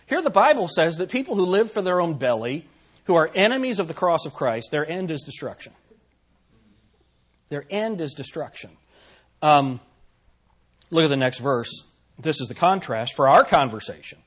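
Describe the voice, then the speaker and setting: A man's voice: a little high, slightly rough. A man preaching a sermon to his congregation, asking rhetorical questions and stressing his points. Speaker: pastor.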